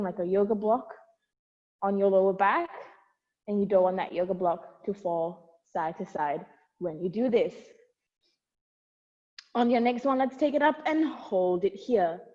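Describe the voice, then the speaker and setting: A young woman, a barre instructor, guides an at-home workout in a warm, mid-range voice, cueing moves and counting reps with encouragement and light laughs. She is out of breath at times, and her wireless earbuds give a dull lo-fi sound with long reverb.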